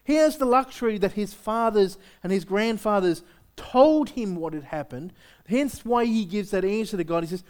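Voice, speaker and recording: In a clear, resonant voice at a moderate pace, a pastor preaches conversationally to his congregation. He poses rhetorical questions, his pitch rising and falling freely and staying lively the whole way.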